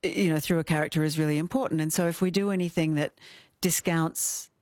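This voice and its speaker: A middle-aged woman dialect coach in an interview, talking emphatically in quick bursts and laughing often. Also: deep voice, fairly even intonation, a little mellow, no room sound, clean studio sound. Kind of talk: animated interview chat.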